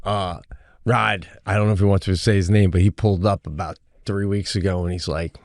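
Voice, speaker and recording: A middle-aged man co-hosting a podcast, telling a story in a casual, animated way, swearing freely and acting out the people in it. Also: low voice, brisk, no echo, studio quality. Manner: animated, profane, acts out the people in his stories. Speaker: podcast co-host.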